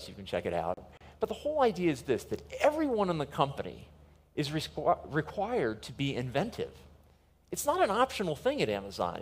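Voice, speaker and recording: A middle-aged man giving a keynote talk to a live audience, emphatic and repeating key phrases slowly. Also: mid-range voice. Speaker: conference speaker.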